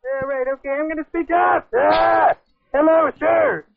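A man's voice: very high-pitched, steady tone, normal speed. A man playing a blustering fake detective. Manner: blustering, insulting, shouting at times. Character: blustering fake male detective, rude and accusing. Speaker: prank caller. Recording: tinny phone line.

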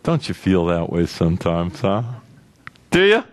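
A man with a low voice preaches as a pastor at a measured pace. He tells the story with animation, acting out the voices of its figures and putting questions to the congregation.

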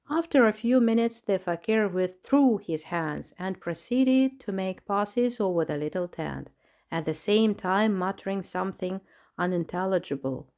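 A woman's voice: mid-range voice, animated, unhurried, a little mellow. Woman reading a storybook aloud. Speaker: narrator. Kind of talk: storybook narration.

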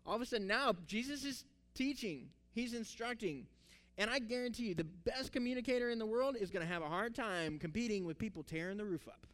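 A man's voice: high voice, expressive, brisk, fairly bright tone. A man preaching a sermon, telling the story with animation and acting out the characters' words. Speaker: pastor.

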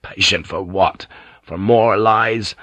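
A man's voice: on the low side, slow pace, fairly bright tone, no room sound. A man reading an audiobook and voicing a weary, bitter sea pilot who speaks through clenched teeth. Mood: accusing.

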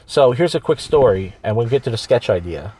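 A man hosting a casual podcast, talking at a quick clip through long, winding stories. He keeps restarting sentences and slips into quoted voices of other people. The sound is close and dry, with no room around it. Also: medium pitch, lively intonation, warm tone, husky, dry recording. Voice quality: rambling storyteller with many restarts and quoted voices. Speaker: podcast host, open mic comedian. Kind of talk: casual chat. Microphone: studio microphone.

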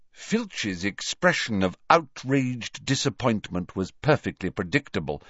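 A man narrates an audiobook with a lively, swooping pitch and an animated delivery. His voice is mid-pitched. The recording is dry and somewhat dull. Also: measured pace, no room sound. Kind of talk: scripted narration.

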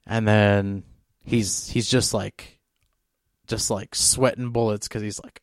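A man's voice: lowish voice, flat delivery, slow, dry recording, studio quality. A man co-hosting a podcast, telling a long story in a rambling, casual way. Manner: rambling, full of fillers and restarts. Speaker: podcast co-host.

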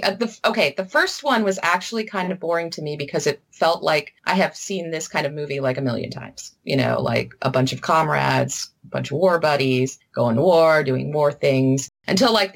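A woman with a notably low voice chats through her movie recommendations on a podcast. She is frank and animated, swearing casually. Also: gravelly. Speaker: podcast co-host. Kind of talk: casual film review chat.

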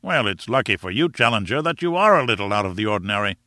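A man voicing a brisk, hearty aristocratic adventurer in an audiobook, speaking with commanding cheer. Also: lowish voice, big pitch swings, sharp tone, no echo, clean studio sound.

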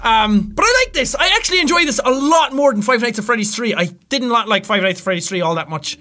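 Very high, bright-voiced excitable male gamer. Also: quick pace. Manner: excitable, yelps and swears when scared; rambling, chatty aside. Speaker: gaming YouTuber. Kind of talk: let's play commentary.

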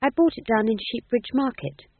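A narrator voicing a young, nervous, earnest female witch in an audiobook, raising the voice high and pleading, over a tinny, phone-like line. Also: animated, normal speed, husky, dry recording. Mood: defensive. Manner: pleading, defensive, higher voice.

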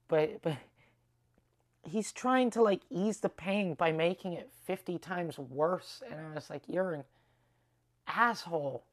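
Profane rambling male comedian. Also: a little high. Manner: profane, rambling, many restarts. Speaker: stand-up comedian. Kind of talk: casual rambling monologue.

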